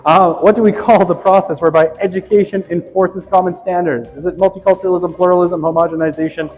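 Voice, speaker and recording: A man's voice: high voice, steady tone, fast talker, a little mellow, soft background music. Joking male instructor in echoey hall. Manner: joking, chatty, reads questions aloud. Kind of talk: lecture quiz review.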